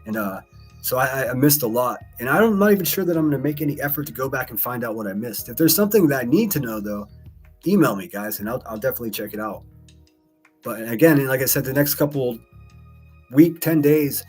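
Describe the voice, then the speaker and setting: A man's voice: medium pitch, animated, fast, slightly rough, faint music behind. A man hosting a casual live stream, reading chat aloud and commenting in a blunt, profane, mocking way. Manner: reads chat messages aloud. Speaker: live-stream host reacting to clips.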